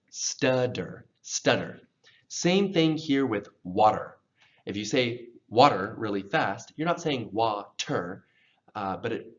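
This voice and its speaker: A man teaching English pronunciation, patiently repeating words slowly for learners to copy. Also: medium pitch, muffled recording. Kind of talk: pronunciation lesson.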